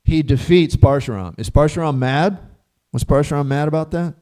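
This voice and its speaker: Man giving a lively scripture class, slightly high voice, asks the room questions, chuckles through it. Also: moderate pace. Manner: animated storyteller, rhetorical questions, chuckles often. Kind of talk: casual scripture class talk.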